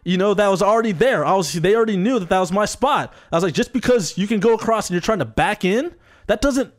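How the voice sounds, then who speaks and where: A man in casual chat, telling a story in an animated and profane way. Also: high voice, fast.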